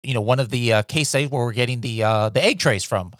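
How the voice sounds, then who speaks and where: A man's voice: mid-range voice, fast, fairly bright tone, dry recording, clean studio sound. A man hosting a podcast, asking questions in a casual, conversational way with many filler words. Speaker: podcast host.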